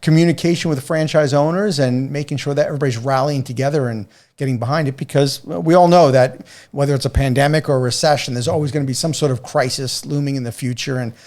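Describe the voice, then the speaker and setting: A man's voice: medium pitch, fairly even intonation, fast talker, few pauses, a little mellow. A man with a New York accent hosting a podcast interview, talking with enthusiasm and frequent restarts. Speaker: podcast host. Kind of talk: casual interview chat.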